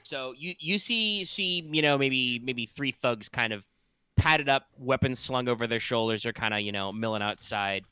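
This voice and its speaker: Game master, male, bright and crisp, rambling tabletop narration. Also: mid-range voice, moderate pace, no room sound. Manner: loose, chatty narration with fillers and sound effects.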